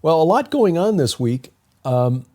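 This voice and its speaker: A man's voice: a little high, sing-song, a little slow, mellow. A man co-hosting a talk podcast in a casual, rambling way, often restarting his sentences. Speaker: podcast co-host. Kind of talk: casual conversational commentary.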